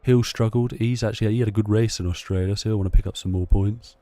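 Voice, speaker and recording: A man's voice: on the low side, fairly even intonation, quick pace, dark tone, dry recording. A man chatting casually to himself while playing a racing game. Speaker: gameplay streamer. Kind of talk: casual gameplay commentary.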